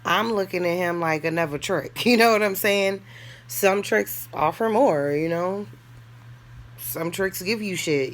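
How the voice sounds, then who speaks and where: A woman's voice: on the low side, a little hiss or hum. A woman telling her own story in a casual storytime monologue, candid and blunt, with lots of slang and swearing, laughing now and then and acting out what others said. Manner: laughs through the telling and acts out other people's lines. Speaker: storyteller vlogger.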